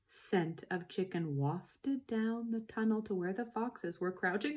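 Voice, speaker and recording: A woman reading a children's book aloud, narrating in an expressive way. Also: mid-range voice, unhurried, few pauses. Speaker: reader.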